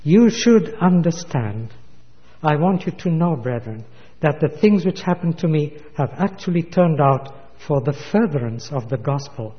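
A man delivers a sermon, slipping into the voices of the people in his stories. His voice sits a little high. The recording is muffled and carries a long echo, as in a large hall. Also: expressive, measured pace. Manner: storytelling with acted quotes. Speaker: preacher.

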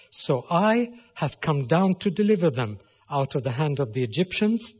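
A man's voice: a little high, husky. A man preaching a sermon and reading scripture aloud, rising to emphatic stress on key phrases. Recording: lo-fi recording with long hall reverb.

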